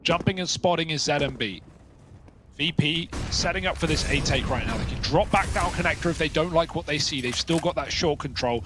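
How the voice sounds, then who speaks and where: A man's voice: fairly high pitch, fairly quick, background noise. A man commentating a live esports match, with a playful, joking manner.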